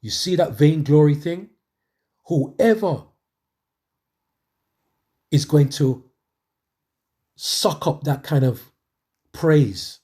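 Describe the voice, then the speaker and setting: Middle-aged man, lay preacher, raised pitch, mellow tone, emphatic repetition. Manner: emphatic, conversational, repeats phrases for emphasis. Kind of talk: sermon testimony.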